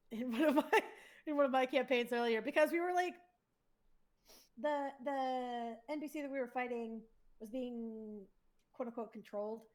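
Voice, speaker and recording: A woman with a high voice tells a story from her tabletop campaign in a relaxed chat. She is animated and laughs as she talks. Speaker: tabletop game player. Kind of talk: casual storytelling.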